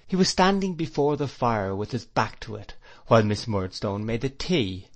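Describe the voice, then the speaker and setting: Adult male audiobook narrator, steady classic-novel storytelling at a middle pitch. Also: moderate pace.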